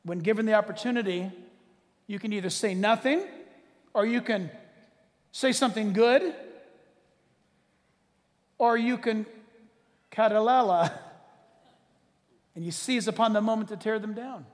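A man preaching a sermon to his church, animated and joking, swinging between loud declarations and hushed asides. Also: high-pitched, normal speed, pauses often, long reverb tail. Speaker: pastor. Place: church hall.

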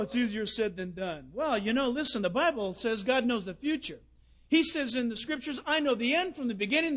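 Male preacher, very high voice, folksy sermon storytelling, shifts between loud and quiet.

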